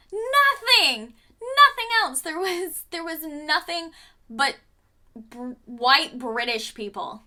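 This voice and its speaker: A young woman talks through a blunt, exasperated review while doing her makeup at home. Her voice sits high and bright, and she takes her time with each thought, unhurried even when she swears. It sounds like a casual rant to the camera. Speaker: beauty vlogger.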